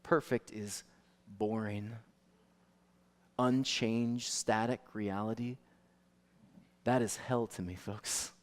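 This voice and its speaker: A man's voice: lowish voice, slow, long pauses. Man preaching in a reverberant church. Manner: animated storytelling, swings from soft to loud. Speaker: pastor. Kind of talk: sermon. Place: church sanctuary. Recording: long reverb of a church hall.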